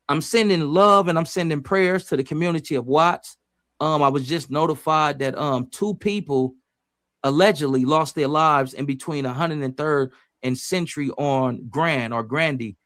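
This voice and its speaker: A man hosting a music reaction livestream, reading viewer comments in slangy casual chat and sometimes breaking into loud, excited rants. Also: fairly high pitch, measured pace, no room sound. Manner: slangy, repetitive, shouts at times.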